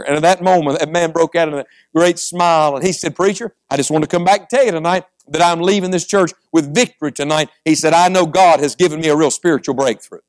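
A man preaching a sermon, moving between quiet storytelling and rising, fervent appeals to the congregation. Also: fairly high pitch, fast talker, few pauses.

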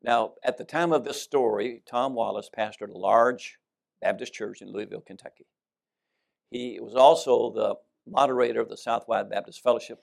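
A man preaching a sermon, swinging between loud emphasis and soft drops. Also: medium pitch, gravelly.

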